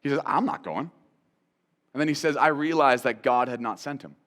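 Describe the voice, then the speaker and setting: A man hosting a Christian teaching show, talking in an animated, conversational way, repeating phrases for emphasis and putting direct questions to the listener. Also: mid-range voice, fast, big-room sound. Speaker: host and Bible teacher.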